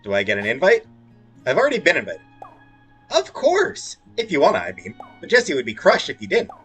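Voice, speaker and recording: In a let's play with soft background music, a man voices the game's characters as he reads their dialogue, adding playful asides between lines. His medium-pitched voice is husky and fairly bright, swooping wildly in pitch, and he speaks fast.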